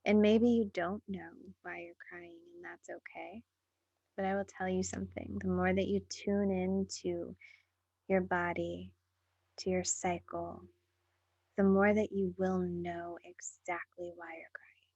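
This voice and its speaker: A woman hosting a spoken program, talking slowly and gently with a husky, breathy voice that often drops to a near-whisper. Her tone is earnest and encouraging as she speaks straight to her listeners. The sound is dry and close, with no room around it. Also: lowish voice, little pitch movement, no echo, dull audio. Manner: soft, breathy and unhurried, drifting into near-whispers. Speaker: podcast host. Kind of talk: slow reflective monologue.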